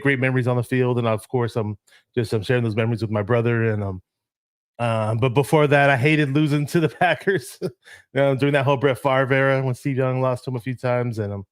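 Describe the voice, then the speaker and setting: A man co-hosting a casual sports chat, reminiscing in a relaxed way with frequent filler pauses. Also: mid-range voice, clean tone, no echo.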